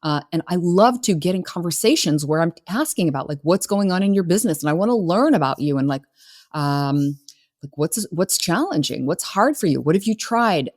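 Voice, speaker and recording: Low-voiced woman, earnest and chatty. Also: lively intonation, a little fast. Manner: warm, earnest and conversational, with many fillers and restarts. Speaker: business coach. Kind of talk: solo podcast talk.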